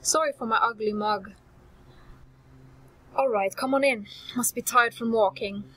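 A woman voicing a gruff but friendly old male dwarf smith who talks in a folksy, homely way. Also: fairly high pitch, a little slow, pushed and bright, full character voice, low-quality recording. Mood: hospitable.

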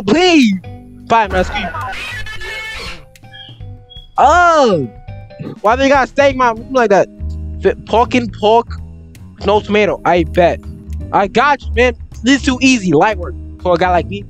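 A man's voice: very high-pitched, normal speed, pauses often, soft background music. A young man commentating a horror game playthrough, chatting in slang and yelping when startled. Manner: excitable slangy chatter, jumpy yelps. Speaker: gaming YouTuber.

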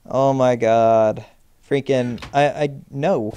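A man's voice: medium pitch, fairly even intonation, slow, dark tone, clean tone. A young man commentating his own gameplay, jittery and self-mocking, yelping and pleading at monsters. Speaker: Minecraft let's player. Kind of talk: game commentary.

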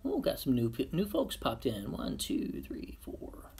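A man's voice: mid-range voice, huge pitch swings, measured pace, gravelly, darkish tone, breathy edge. A man hosting a casual live-stream podcast, playful and muttering silly asides to himself as he sets up at his computer. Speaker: podcast host on a livestream.

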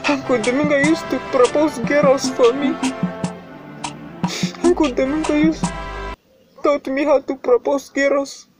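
A man voicing a grieving man who wails a lament, with loud music under it. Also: very high voice, level tone, unhurried, pauses often, pitched above the performer's own voice. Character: grieving man wailing over a lost uncle.

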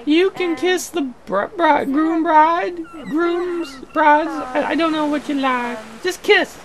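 A man putting on a high falsetto to voice a tipsy, flustered female wedding officiant who stumbles over her words. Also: fairly bright tone, slight background noise, full character voice, low-quality recording. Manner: drawn-out, stumbling.

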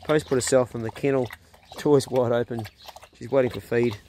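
Middle-aged kiwi bloke vlogging on the farm, chatty, birds and animals around him. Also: male voice, mid-range voice, steady tone, normal speed, warm tone, a little hiss or hum. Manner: chatty, coaxing talk to his dogs and ducks. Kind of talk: casual farm vlog talk. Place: outdoors on a rural farm.

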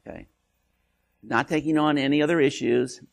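A man's voice: on the high side, moderate pace, vocal fry. A male lecturer giving an academic talk in a joking way, with frequent restarts and "right?" tag questions.

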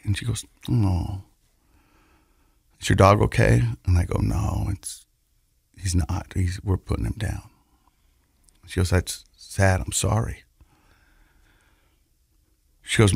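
A man's voice: fairly low pitch, gravelly, husky, no echo, clean studio sound. A man co-hosting a podcast, telling a personal story in a rambling way with restarts and laughter, turning earnest and reflective. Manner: rambling, repeats words, laughs while telling. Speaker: podcast co-host. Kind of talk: casual storytelling.

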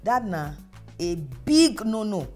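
A woman's voice: medium pitch, very animated, slow pace, darkish tone, soft background music. A woman with a Nigerian accent hosting a talk show, speaking emphatically and addressing her audience directly. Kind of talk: casual talk show conversation.

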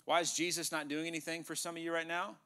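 A male pastor preaching a sermon in a church, animated, joking with the congregation and acting out dialogue. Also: on the high side, fast talker, clear, resonant tone. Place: church sanctuary.

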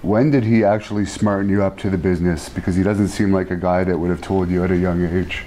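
A man hosting an interview, asking plain, steady questions. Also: deep voice, fast. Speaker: interview host. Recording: roomy, distant mic with faint noise.

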